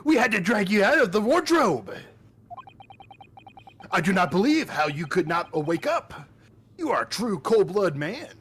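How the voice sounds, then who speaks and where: A man's voice: high voice, sing-song, unhurried, pauses often, fairly bright tone, a little hiss or hum, full character voice. A man putting on a mock Russian-French accent for a threatening foreign sailor, in broken English. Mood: menacing.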